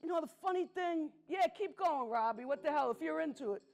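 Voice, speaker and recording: A middle-aged woman from the Bronx, telling stories on a theatre stage and talking straight to the audience, slowing down for emphasis. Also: high voice, lively intonation, vocal fry. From the Bronx, New York. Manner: conversational, talks directly to the audience, slows for emphasis. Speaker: solo stage performer. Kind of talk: theatrical storytelling to a live audience.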